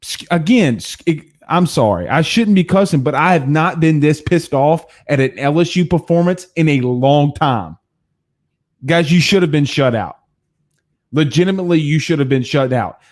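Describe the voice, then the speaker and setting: A man's voice: on the high side, lively intonation, normal speed. Angry guy hosting postgame show, swearing a lot, fed up. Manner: cursing, heated and exasperated. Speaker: sports talk show host.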